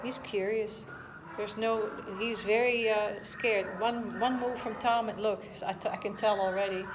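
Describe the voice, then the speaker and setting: A woman's voice: mid-range voice, steady tone, a little slow. A woman in casual chat, giving a dog short commands and cooing sweet baby talk at it. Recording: noisy room recording.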